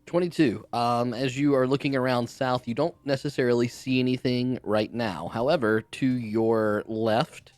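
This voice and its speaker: A man running a tabletop game as game master, narrating in a relaxed way with many fillers. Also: medium pitch, normal speed, hardly any pauses, no echo, soft background music. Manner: relaxed, with fillers and short acknowledgements.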